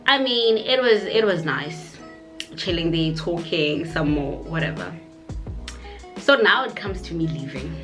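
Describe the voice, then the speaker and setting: A young South African woman with a low-pitched voice and a South African accent tells a story to the camera in a relaxed, chatty manner. She is animated and expressive, and faint music plays softly underneath. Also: unhurried. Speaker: YouTuber. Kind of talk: casual storytime. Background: faint background music.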